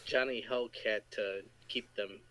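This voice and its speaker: A man's voice: fairly low pitch, fairly even intonation, a little slow, fairly bright tone, rough recording. A man co-hosting a casual stream chat, teasing and playful. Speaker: co-host.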